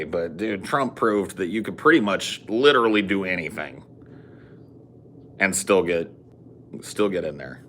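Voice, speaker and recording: A man with a low, deep voice talks bluntly and profanely in a casual stream chat. His tone has a bright, forceful edge, with faint noise behind him. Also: normal speed. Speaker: podcast host.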